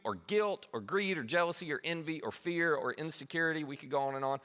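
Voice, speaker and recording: A man's voice: fairly high pitch, bright, forceful tone. A man preaching a sermon as pastor, talking conversationally and poking fun at himself. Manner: conversational, self-deprecating.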